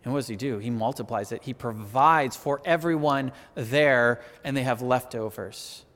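A man preaching a sermon, animated and conversational, often asking "right?" and building to emphatic peaks. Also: mid-range voice, moderate pace, in a large hall. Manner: conversational, asks the audience "right?".

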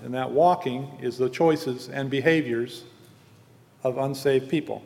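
A man preaching a sermon and reading scripture, earnest and teaching, slowing down for emphasis. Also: mid-range voice, creaky, darkish tone. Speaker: pastor. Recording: long hall reverb.

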